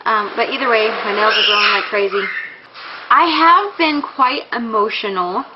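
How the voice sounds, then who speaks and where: A woman's voice: on the high side, normal speed, dull audio, very noisy. A young woman talking casually in a pregnancy vlog, rambling with many fillers and restarts, candid and a little embarrassed. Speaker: vlogger.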